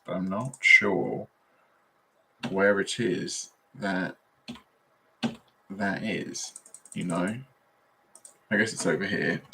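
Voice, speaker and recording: Low-voiced man rambling at his computer. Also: gravelly, bright, forceful tone, slight background noise. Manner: meandering, full of fillers and trailing thoughts. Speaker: vlogger. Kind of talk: rambling solo livestream talk.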